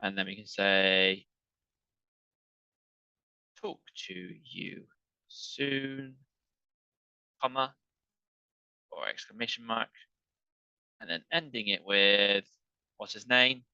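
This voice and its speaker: A man's voice: lowish voice, fairly even intonation, pushed and bright, clean tone, no echo, dull audio. A man teaching an online English lesson, talking patiently and checking in with "okay" as he works through examples. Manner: slow, patient, repeats with "okay".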